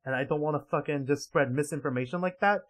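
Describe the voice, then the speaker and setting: A man's voice: on the high side, fast. A man livestreaming casual reaction commentary, rambling and swearing heavily in an exasperated way.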